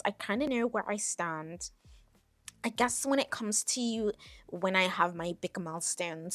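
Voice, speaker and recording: A woman puts on a passive-aggressive young woman reading her own text messages aloud. The voice is lifted a little higher and louder than plain talk, with a sing-song edge. It is light, casual vlog reading rather than full acting. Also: lightly acted.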